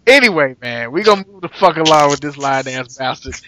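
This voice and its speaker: A man's voice: on the high side, lively intonation, fairly quick, sharp tone, a little hiss or hum. A man from the United States co-hosting a podcast, teasing and swearing in casual banter. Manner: teasing, profane. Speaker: podcast co-host.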